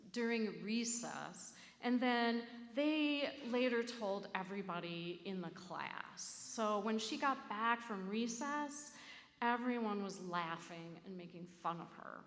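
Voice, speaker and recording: Woman minister, sermon, slow storytelling, bright voice, long church reverb. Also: medium pitch. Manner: slow, storytelling delivery with dramatic emphasis. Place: church sanctuary. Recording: echoey sanctuary with long reverb.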